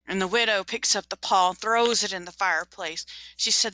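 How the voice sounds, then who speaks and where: Woman game master narrating a ghost story; bright, dry, dramatic. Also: mid-range voice, fairly quick, few pauses, no room sound, rough recording. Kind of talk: storytelling in a tabletop game session.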